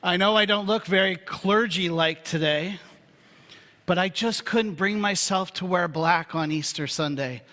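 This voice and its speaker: A man's voice: sits high, a little slow, pushed and bright. Man preaching a humorous, chatty sermon. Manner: humorous, conversational storytelling. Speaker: pastor. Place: church sanctuary. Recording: reverberant church hall.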